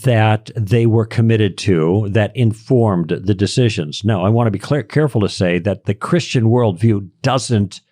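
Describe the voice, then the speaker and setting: A man's voice: on the low side, a little slow, few pauses, warm tone, no echo, clean studio sound. A man, a guest on a podcast, explaining his points in an emphatic, lecturing way with stressed key words. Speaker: podcast guest, Christian apologist. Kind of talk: conversational explaining.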